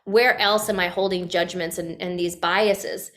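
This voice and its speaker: A woman guest on a podcast telling a personal story in a casual, animated way, with many fillers and restarts and acted-out quotes. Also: fairly low pitch, measured pace.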